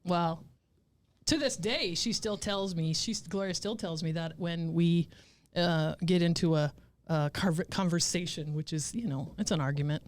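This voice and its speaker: A woman's voice: on the low side, normal speed. A woman police officer telling candid stories as a guest, talking bluntly, swearing freely and laughing as she goes. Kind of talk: candid conversational storytelling.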